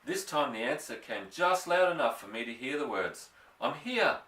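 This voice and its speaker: A man reading a children's story with an expressive, lively delivery that slows down for suspense. His voice is bright and forward. A roomy echo follows him, and he sits a little back from the mic. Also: mid-range voice, far from the mic. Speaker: audiobook reader. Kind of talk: storybook narration.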